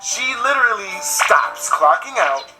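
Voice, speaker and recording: A young man with a high-sitting voice tells a comic story at an unhurried pace, using casual slang and acting out every character's voice in a lively way. Soft music plays in the background.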